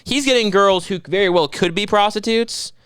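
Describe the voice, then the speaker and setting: A man's voice: sits high, normal speed, fairly bright tone, clean tone, no echo, studio quality. A young man co-hosting a podcast in a casual comedic chat, rambling crudely and slipping into goofy voices when mocking people. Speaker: podcast co-host.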